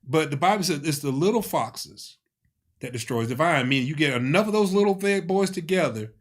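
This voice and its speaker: A man's voice: a little high, lively intonation, brisk. A man co-hosting a relationship talk who is also a pastor, talking emphatically in a preacherly way with joking asides. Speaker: co-host, pastor. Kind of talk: casual relationship chat.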